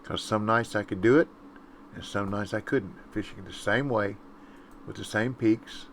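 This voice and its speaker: A gaming streamer with a lowish, steady, fairly bright voice talks at normal speed while playing a fishing game. Laid-back and chatty, he comments casually to viewers and hums and sings to himself, with slight background noise.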